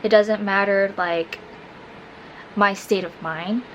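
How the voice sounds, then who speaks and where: A woman's voice: mid-range voice, steady tone, takes it slowly, lo-fi sound, a little hiss or hum. Chatty woman telling a story. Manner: chatty, full of fillers like "like". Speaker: vlogger. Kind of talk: casual storytelling.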